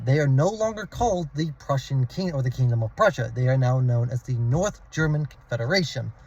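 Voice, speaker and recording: A man's voice: a little high, a little mellow, husky, poor audio. A man hosting a history channel, telling the story in a casual, informal way, often restarting and correcting himself and relishing the dramatic moments.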